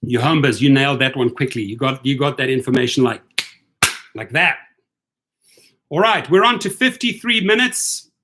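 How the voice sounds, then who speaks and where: A man's voice: medium pitch, animated, moderate pace, pauses often, a bit bright, a little hiss or hum. Man, livestream host, casual chat, loose, repetitive, tired-sounding, talks to viewers. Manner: chatty, loose, repeats himself, talks straight to viewers. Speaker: livestream host for rideshare drivers.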